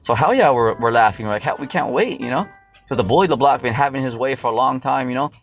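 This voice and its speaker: A man's voice: mid-range voice, quick pace, soft background music. A man preaching from the Bible in a loose, casual way, full of fillers and profanity. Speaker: street preacher.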